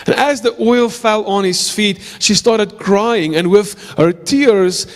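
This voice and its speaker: In a church with a long, echoing reverb, a South African pastor with a high voice delivers a sermon. He tells his story with earnest conviction, leaning on repeated phrases for emphasis.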